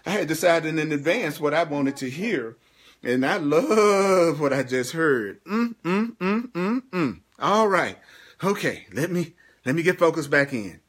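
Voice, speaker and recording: A man teaching a spiritual class on a livestream, emphatic and slow when he repeats key lines. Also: a little high, expressive, fairly bright tone, husky. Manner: bursts into exuberant whoops and playful sounds. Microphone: webcam or phone livestream.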